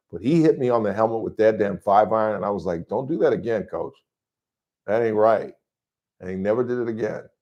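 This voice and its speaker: A middle-aged man hosting a call-in sports radio show in a studio, talking loudly and rambling through stories. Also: low-pitched. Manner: loud, rambling, animated storytelling.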